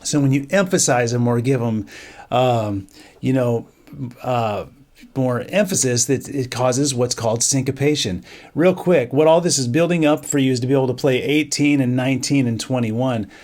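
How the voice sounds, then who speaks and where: A middle-aged band director teaching a music lesson, counting off beats and singing rhythms on syllables. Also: male voice, mid-range voice, normal speed, darkish tone.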